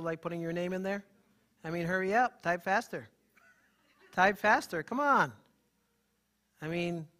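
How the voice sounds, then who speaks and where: Man, high voice, bright tone, animated, emphatic, banters with a live audience. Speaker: holistic health practitioner giving a talk. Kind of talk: live seminar talk to an audience.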